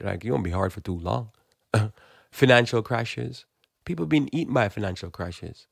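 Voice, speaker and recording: A man's voice: lowish voice, animated, moderate pace, creaky, dry recording, studio quality. A man giving a blunt, emphatic, informal sermon, often repeating words as he builds his point. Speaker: Christian preacher. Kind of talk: informal preaching monologue.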